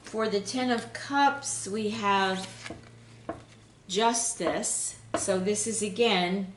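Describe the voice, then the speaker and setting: A woman giving an unscripted spiritual tarot reading in a gentle, flowing way, pausing with fillers and restarts. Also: medium pitch, reverberant, a little hiss or hum. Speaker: intuitive tarot reader.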